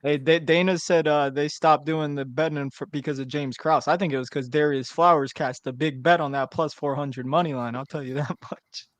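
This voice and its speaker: A man's voice: fairly high pitch, fairly even intonation, normal speed, hardly any pauses, dry recording. A man co-hosting a casual podcast, brash and slangy, swearing. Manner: brash, swears, calls others bro. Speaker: podcast co-host.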